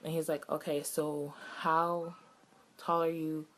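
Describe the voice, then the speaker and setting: Low-voiced chatty young woman vlogger. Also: flat delivery, slow, a little hiss or hum, low-quality recording. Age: 20s. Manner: chatty, retelling conversations with lots of "he was like", laughing often. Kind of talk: casual storytelling vlog.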